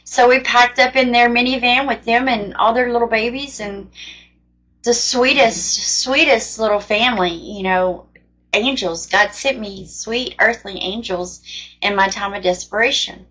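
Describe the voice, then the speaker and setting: A woman's voice: on the high side, a little slow, a bit bright, highs cut off. A woman telling a personal testimony of faith in a casual, earnest, rambling way. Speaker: faith storyteller.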